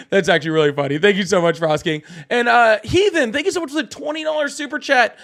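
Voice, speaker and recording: A man's voice: very high-pitched, lively intonation, moderate pace, fairly bright tone. A young man hosting a political call-in livestream, thanking donors, laughing often and blunt with callers. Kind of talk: casual livestream chat, reading donor messages.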